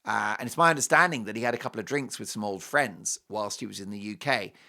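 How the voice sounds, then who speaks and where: A man's voice: lowish voice, fast talker, creaky, sharp tone. A middle-aged man from Britain with a British accent, hosting a talk show with an opinionated monologue full of mocking, jokey asides. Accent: British English.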